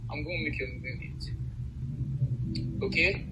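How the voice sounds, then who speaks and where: A man on a phone call, evasive and pleading, repeating himself to calm the other person down. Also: on the high side, measured pace, a little hiss or hum. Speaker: caller.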